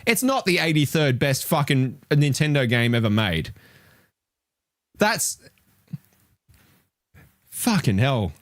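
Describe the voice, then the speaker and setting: A man's voice: mid-range voice, slow pace, long pauses, dry recording, studio quality. A man giving live reaction commentary on a game ranking, swearing and ranting in disbelief. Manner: animated, swearing, exasperated ranting. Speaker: retro gaming streamer reacting to a list.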